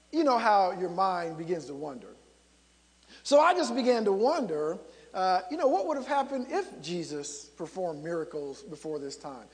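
A man's voice: sits high, a little mellow, big-room sound. A man preaching a sermon as a pastor, conversational and storytelling, driving points home with emphatic repetition.

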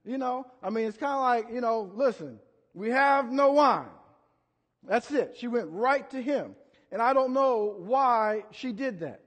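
A man with a notably high voice preaching a sermon to a congregation. He talks in a loose, conversational way and acts out the scenes he describes. The sound carries the long reverb of a church hall. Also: normal speed, a bit bright. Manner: chatty, storytelling with acted quotes and audience volunteers. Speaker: pastor.

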